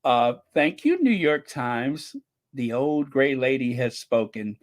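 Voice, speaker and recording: Slow-talking chatty male channel host. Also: medium pitch, expressive. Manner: chatty, laughs often while talking. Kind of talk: casual commentary reading comments.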